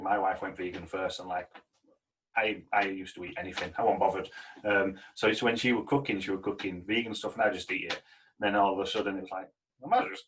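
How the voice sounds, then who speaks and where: A man with a lowish voice hosts a casual podcast chat. He talks in an easy, reflective way and leans on "you know" and "like". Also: fairly bright tone, slight background noise, rough recording. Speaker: podcast host.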